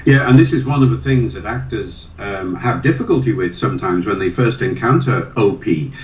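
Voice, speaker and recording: A man's voice: fairly low pitch, animated, normal speed, slight background noise. An older man speaks as an interview guest, easing into anecdotes with many small hesitations and fillers. His voice carries a roomy echo. He sounds set back from the microphone. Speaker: guest, linguist. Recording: roomy sound from a distant mic.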